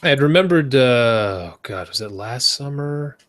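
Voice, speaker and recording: A man hosting a casual podcast chat, joking and self-mocking, jumping up in pitch when he asks questions. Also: animated, moderate pace, a bit bright. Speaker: podcast host.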